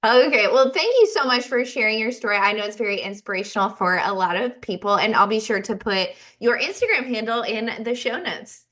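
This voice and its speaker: A woman's voice: on the high side, fairly quick, few pauses, a bit bright. A woman from Pennsylvania hosting a casual podcast interview, upbeat and laughing often. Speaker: podcast host.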